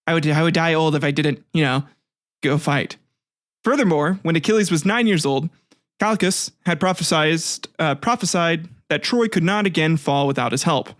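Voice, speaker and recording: A man's voice: fairly high pitch, sing-song, normal speed, a bit bright, no room sound, studio quality. A man hosting a casual history podcast, retelling myths with crude jokey asides and frequent laughs. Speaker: podcast host.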